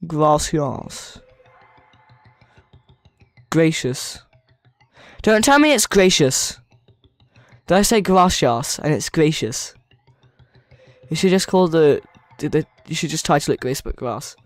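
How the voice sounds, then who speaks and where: Streaming a game-building session, a young man from the United States talks casually with live viewers, wandering from topic to topic playfully and reading out the chat. His voice sits on the high side, sing-song and a little slow, with no echo.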